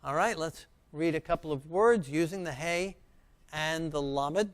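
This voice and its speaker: A man teaching a beginner Hebrew lesson, speaking slowly and patiently and repeating each sound and word for learners. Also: fairly high pitch, smooth.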